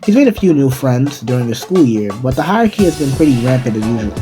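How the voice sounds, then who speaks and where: A man reading out a homemade fan story, rambling and restarting his sentences as he goes. His voice sits at a middle pitch, and faint music plays behind him. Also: very animated, fast talker, dark tone. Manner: rambling, with restarts and self-corrections. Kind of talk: casual fan-fiction narration.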